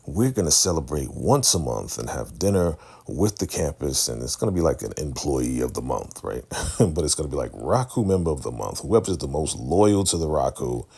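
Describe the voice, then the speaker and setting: A man voicing a smooth-talking male cult leader in a coaxing, reassuring way, raising his pitch well above his own. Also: sing-song, normal speed, darkish tone, heavily acted. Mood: enthusiastic.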